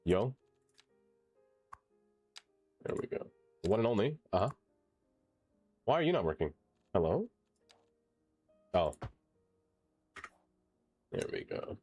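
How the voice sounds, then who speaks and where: A man's voice: on the low side, big pitch swings, slow, long pauses, dark tone, slightly rough, faint music behind. A man streaming a city-building game, chatting casually with viewers, singing along and joking. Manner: playful, singing along and doing silly voices. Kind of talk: casual gameplay commentary.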